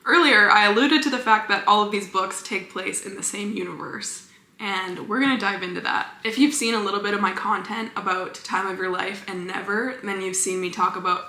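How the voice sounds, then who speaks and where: A chatty woman vlogging about books, her voice bright and a little sharp as she gushes about favorites. Her words bounce around an echoey room, with fast enthusiastic asides. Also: mid-range voice, steady tone. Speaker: book vlogger. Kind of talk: casual book review chat.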